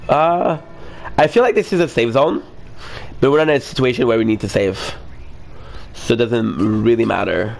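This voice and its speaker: A man's voice: medium pitch, normal speed, gravelly, long pauses, a little hiss or hum. A man chatting casually with friends online, joking, teasing and laughing often, swearing freely.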